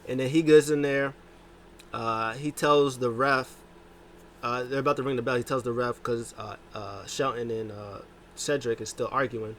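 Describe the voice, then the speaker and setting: A man casually recapping a wrestling show, telling it with lively jumps into quoted lines. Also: moderate pace, a little hiss or hum. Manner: animated retelling, jumps pitch to quote wrestlers.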